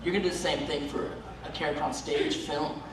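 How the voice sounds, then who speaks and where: A man's voice: fairly high pitch, fairly even intonation, fast talker. A man, an actor on a convention panel, earnestly explaining how characters are built. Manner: earnest, instructive. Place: large convention panel room. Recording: very echoey hall, distant mic, noise.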